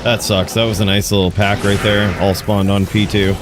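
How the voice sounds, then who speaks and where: A man's voice: lowish voice, little pitch movement, moderate pace, noisy background. A man streaming a video game, chatting casually with viewers, laid-back and swearing freely. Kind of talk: casual gaming commentary.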